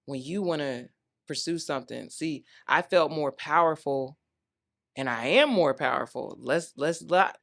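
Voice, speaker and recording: A woman's voice: deep voice, a bit bright. A woman in her thirties hosting a talk show, talking candidly and playfully to her viewers. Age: 30s. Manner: candid, chatty, playful call-and-response. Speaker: host. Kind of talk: casual solo talk.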